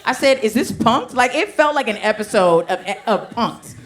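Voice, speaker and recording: A woman's voice: fairly high pitch, animated, moderate pace. A woman, performing a brash, conversational stand-up set and talking straight to the crowd on a handheld mic. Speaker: stand-up comedian. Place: comedy club stage with a laughing audience. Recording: live club recording with clear background noise.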